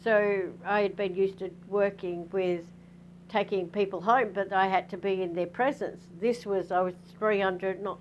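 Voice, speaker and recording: A woman's voice: fairly low pitch, lo-fi sound, a little hiss or hum. A middle-aged Australian woman tells a personal story to her audience in a candid, rambling way, full of asides and restarts. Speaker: spiritual teacher.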